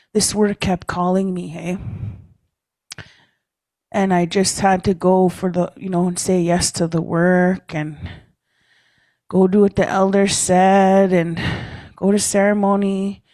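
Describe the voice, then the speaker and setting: Self-mocking woman, storytelling talk, unhurried with a mid-range pitch. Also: flat delivery, darkish tone, no room sound. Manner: chatty, self-mocking, laughs often, tags lines with "eh?". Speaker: speaker at a leaders' caucus.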